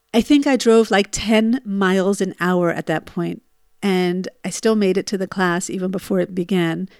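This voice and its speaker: Woman, 40s, storyteller; emotional, rising bursts, mid pitch. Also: a little mellow, clean tone, no room sound, clean studio sound. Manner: emotional, re-lives her panic in rising bursts. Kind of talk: personal storytelling.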